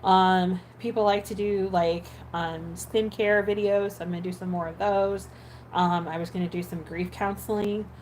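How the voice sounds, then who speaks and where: A woman with a lowish voice chats loosely about her video plans, drifting between thoughts with plenty of "um"s and restarts. Her tone is relaxed and conversational, and faint background hiss sits under her voice. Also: moderate pace, poor audio. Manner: rambling, many fillers and restarts. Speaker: ASMR creator. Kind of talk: casual chat while editing.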